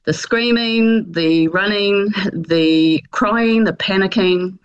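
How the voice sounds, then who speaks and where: A woman's voice: mid-range voice, slow pace, clean tone, highs cut off. A woman with a New Zealand accent, interviewed as a guest, hesitant and full of fillers but cheerful. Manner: hesitant, many fillers, laughs easily. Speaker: guest, attraction manager. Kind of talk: radio interview.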